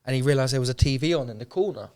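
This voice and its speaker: Speaking rapid-fire in a mid-range, slightly mellow voice, a young man who started a homeless charity opens up in a podcast interview. The conversation is emotional; his telling is colloquial, earnest and heartfelt, with frequent repetition of phrases for emphasis.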